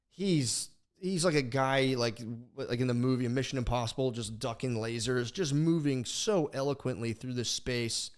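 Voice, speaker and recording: A young man on a podcast, chatting casually and cursing freely as he tells a long story. He talks in an animated way, restarting his sentences and doing little voices for the people in the story. His voice sits at an ordinary middle pitch. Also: smooth. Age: young adult. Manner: rambling, profane, animated storytelling with many restarts. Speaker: podcast co-host.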